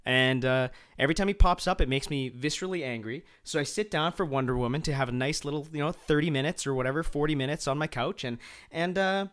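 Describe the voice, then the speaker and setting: A man's voice: fairly high pitch, fast talker, fairly bright tone. A man co-hosting a podcast, telling a long rambling story full of swearing and restarts. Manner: profane, rambling anecdote with many restarts. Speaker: podcast co-host. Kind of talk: casual podcast chat.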